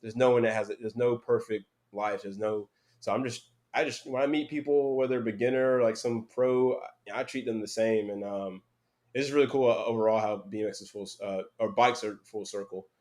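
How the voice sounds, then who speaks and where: A man's voice: fairly low pitch, brisk, a little mellow. A young man from North Carolina, a former BMX racer, chatting as a podcast guest with lots of fillers and restarts. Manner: rambling, many fillers and restarts. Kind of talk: casual conversational interview.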